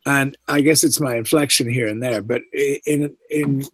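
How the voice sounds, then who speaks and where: A middle-aged Canadian man talks as a guest in a relaxed interview, his speech carrying a faint English inflection. He rambles and restarts his sentences freely, and his voice sounds dry and close, with almost no room sound. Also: medium pitch, normal speed, husky, no echo, poor audio. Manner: rambling, many restarts and asides. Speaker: guest actor. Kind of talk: casual interview chat.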